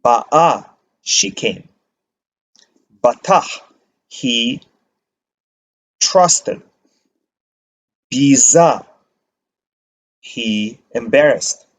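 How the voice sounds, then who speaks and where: A man teaching a language lesson, reading word lists aloud and pausing to give short meanings. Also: medium pitch, animated. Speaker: Hebrew teacher. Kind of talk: slow vocabulary reading lesson.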